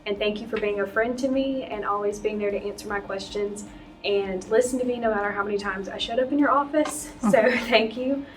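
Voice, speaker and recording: A teacher giving a friendly tribute message of thanks. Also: female voice, mid-range voice, a little fast, far from the mic.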